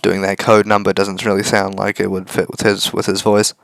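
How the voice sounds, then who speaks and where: A man's voice: low voice, monotone, a little fast, creaky, a bit bright, no room sound. A man casually commenting with jokey asides while reading a visual novel aloud. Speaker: gaming video host.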